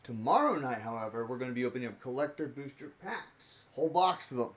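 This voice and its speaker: A man's voice: medium pitch, animated, fast talker. A young man chatting casually on his live stream as he opens card packs, rambling and joking about himself.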